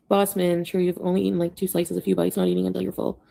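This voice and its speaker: A woman's voice: medium pitch, level tone, very fast, creaky, few pauses, dark tone. A woman talking casually on her own livestream, defending herself in a defensive, dismissive way. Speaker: streamer being commented on.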